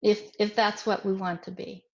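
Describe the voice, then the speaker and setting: A woman teaching a self-defense workshop, speaking deliberately with frequent repeats and restarts. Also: mid-range voice, level tone, gravelly, darkish tone. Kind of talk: workshop instruction. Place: online workshop. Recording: echoey, muffled room recording.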